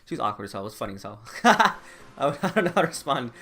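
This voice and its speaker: A man's voice: medium pitch, lively intonation, rapid-fire, fairly bright tone, a little hiss or hum. A young man in his late teens or early twenties, vlogging in a rambling casual chat, full of "like" and laughs. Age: young adult. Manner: rambling, heavy use of "like", frequent laughs.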